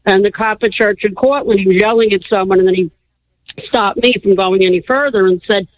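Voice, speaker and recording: A woman's voice: medium pitch, fairly even intonation, fairly quick, no room sound. A woman calling in to a radio show, recounting events in an earnest, matter-of-fact way. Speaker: caller. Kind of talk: call-in radio chat. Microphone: phone call. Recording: tinny phone line.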